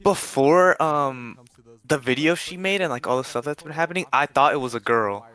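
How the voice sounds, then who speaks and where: A man's voice: on the high side, normal speed, sharp tone, clean tone, low-quality recording. A young man co-hosting a live stream, chatting casually and rambling with lots of filler words. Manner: rambling, repeats himself, lots of "like" and "bro". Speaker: stream co-host. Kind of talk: casual chat.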